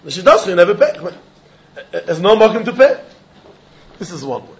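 A man delivers a Talmud lesson in a high voice, switching between English and Yiddish and Hebrew terms. He acts out both sides of a case in quoted voices. The recording sounds dull and lo-fi. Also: very animated, brisk, vocal fry. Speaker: Talmud teacher. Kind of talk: Talmudic lecture.

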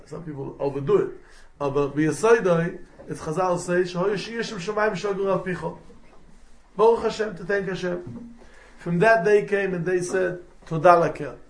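A man teaching a Torah lesson, explaining point by point and mixing in Hebrew and terms. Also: sits high. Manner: mixes English with Hebrew and Yiddish terms, explanatory. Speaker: rabbi teaching halacha. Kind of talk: Torah lecture.

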